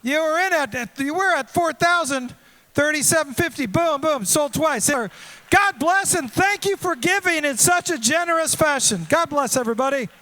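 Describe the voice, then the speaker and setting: A man working as auctioneer at a charity gala, calling bids in a rapid, repetitive chant on a handheld mic in a large event hall. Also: extremely high pitch, expressive, pushed and bright.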